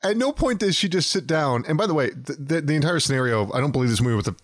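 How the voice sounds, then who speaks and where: A man's voice: a little high, quick pace, dry recording. Guy cohosting a podcast, laughs a lot, bouncy up-and-down voice, super dry mic. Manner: animated, laughs often, mocking asides. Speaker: podcast co-host. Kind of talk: casual comedic movie review chat.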